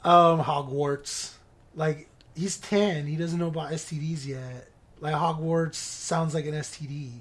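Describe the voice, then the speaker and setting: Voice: medium pitch, fairly even intonation, unhurried. Podcast host, rambling comic retelling, frequent swearing and laughter.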